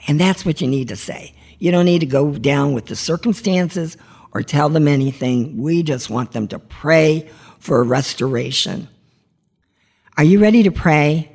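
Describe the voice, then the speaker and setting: A woman's voice: low voice, expressive, a little slow, gravelly, darkish tone, husky. A woman hosting a marriage ministry podcast, giving heartfelt devotional teaching in an earnest, pleading way.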